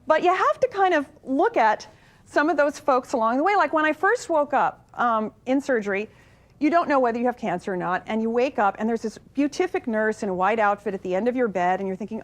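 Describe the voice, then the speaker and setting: A woman's voice: fairly high pitch, animated, fast. A woman in her forties performing a stand-up comedy routine with punchy, wry joke delivery. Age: 40s.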